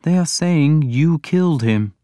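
A man voicing a mild but stern scholarly king in an audiobook, speaking in a measured way. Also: medium pitch, animated, darkish tone, clean tone, no room sound, studio quality, pitched above the performer's own voice, natural voice. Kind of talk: audiobook character voice.

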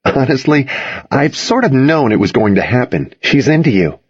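A man's voice: medium pitch, very animated, normal speed, breathy edge, muffled recording, voice pushed up. A man voicing a sly, wisecracking teenage boy in an audiobook, with a smirking, needling delivery. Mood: wry teasing. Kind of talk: audiobook character voice.

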